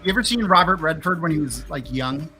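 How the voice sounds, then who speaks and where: A man's voice: on the high side, expressive, over a noisy crowd, rough recording. A man co-hosting a book podcast who speaks casually, stumbling over his first words. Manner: halting, stumbling starts. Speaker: podcast co-host.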